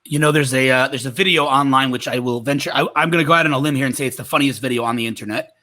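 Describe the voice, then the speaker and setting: A man speaking as a podcast guest, telling a story with animated enthusiasm. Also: mid-range voice, racing. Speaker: podcast guest, tech marketer. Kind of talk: conversational interview.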